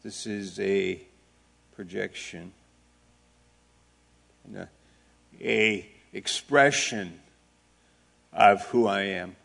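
A man preaching a sermon at an unhurried, measured pace, with a gravelly, fried edge to his voice. He asks his listeners questions and chats plainly with them between points. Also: fairly low pitch, fairly even intonation, a bit bright. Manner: slow, deliberate preaching with rhetorical questions; plain-spoken, with asides and audience back-and-forth. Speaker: pastor.

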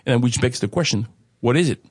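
A man's voice: medium pitch, lively intonation, a little fast, a little mellow, slightly rough, no room sound, studio quality. A man hosting a conversational religious discussion, rambling with many restarts and frequent rhetorical "right?" checks.

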